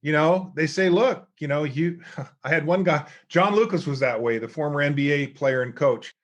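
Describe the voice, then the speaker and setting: A middle-aged man, a guest author and speaker, telling lively stories in an interview and acting out the people he quotes. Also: a little high, normal speed. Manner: animated storyteller acting out quoted voices. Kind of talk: storytelling interview chat.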